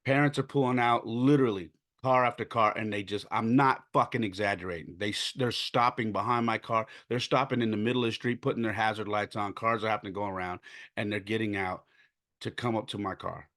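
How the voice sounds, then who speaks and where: A man's voice: lowish voice, fairly even intonation, fairly quick, a bit bright, dry recording, clean studio sound. A man hosting a podcast, venting a personal story in a profane, emphatic way. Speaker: podcast host and youth baseball coach.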